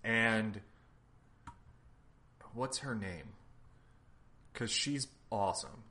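A man's voice: fairly low pitch, expressive, extremely slow, bright, forceful tone. A man co-hosting a podcast, trading jokes and profanity in a casual comic book chat. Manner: joking and profane. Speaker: podcast co-host.

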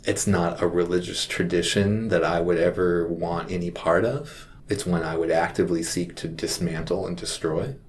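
A man with a very low, deep voice tells a personal story from his work as a hospital chaplain. He speaks reflectively and haltingly, often pausing. A faint room ambience sits behind him. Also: fairly even intonation, a little hiss or hum.

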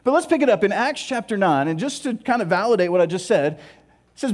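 A man preaching a sermon, animated, acting out scripture voices and dropping to hushed tones. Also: high voice, moderate pace. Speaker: pastor.

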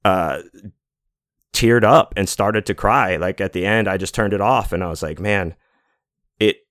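A man in his forties hosts a podcast in a rambling, casual monologue packed with fillers, restarts and swearing. His deep, slightly bright voice moves at a measured pace, recorded at studio quality with no echo.

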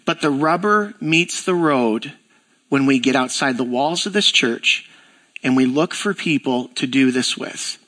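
A man's voice: mid-range voice, a little slow. A pastor giving a sermon in a church, talking conversationally and acting out the voices in his stories. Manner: conversational, animated storytelling with acted-out dialogue.

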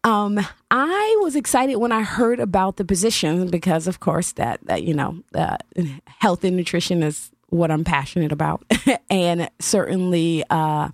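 A woman's voice: lowish voice, expressive, a little slow, no echo, clean studio sound. A woman hosting an interview, enthusiastic and a little rambling, laughing often between questions. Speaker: host. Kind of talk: interview conversation.

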